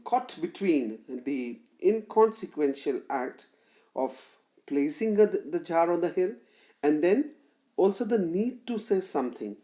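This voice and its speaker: A woman giving a recorded literature lecture, explaining step by step in short, deliberate phrases and stressing key syllables. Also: low voice, warm tone.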